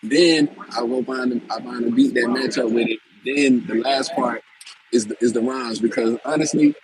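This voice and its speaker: A man's voice: medium pitch, steady tone, moderate pace, slight background noise, poor audio. Laid-back slangy man on a call. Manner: laid-back slangy talk, laughs often. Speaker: rapper guest. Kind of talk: casual chat on a live audio call.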